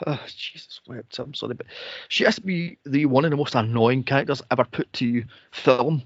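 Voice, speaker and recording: A man co-hosting a film podcast, sarcastic and profane, mocking characters with shrill impressions. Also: normal speed, dry recording. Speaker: podcast co-host reviewing a film. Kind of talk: casual chat. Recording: dull lo-fi dry podcast audio.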